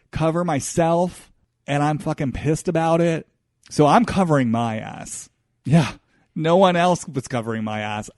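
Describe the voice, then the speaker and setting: Gravelly man musing on a solo podcast. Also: mid-range voice, darkish tone, no room sound, studio quality. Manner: earnest, searching, halting. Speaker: podcast host. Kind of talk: solo introspective podcast monologue.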